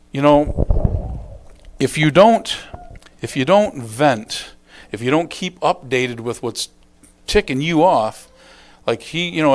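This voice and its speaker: Lively, folksy male pastor preaching. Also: on the high side. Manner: folksy, conversational preaching with acted-out quotes. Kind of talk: sermon.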